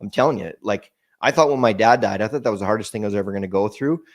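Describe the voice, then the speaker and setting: On a podcast, a male guest with a lowish voice tells an emotional personal story. He speaks haltingly, often restarting and repeating words.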